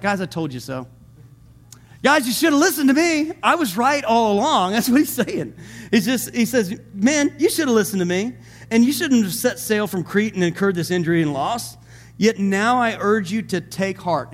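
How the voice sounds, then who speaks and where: Male pastor, high voice, emphatic Sunday sermon delivery. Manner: preaching with rising emphatic calls and questions to the congregation.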